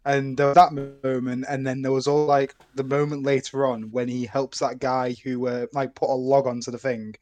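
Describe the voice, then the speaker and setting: A man co-hosting a casual film podcast, talking in an animated, joking way. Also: medium pitch, normal speed, few pauses. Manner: animated, joking, quotes actors' lines. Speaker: podcast co-host.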